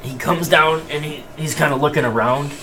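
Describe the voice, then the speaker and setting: A man's voice: fairly high pitch, fairly even intonation, moderate pace, noisy background. Casual male game master narrating. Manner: casual, meandering narration with fillers.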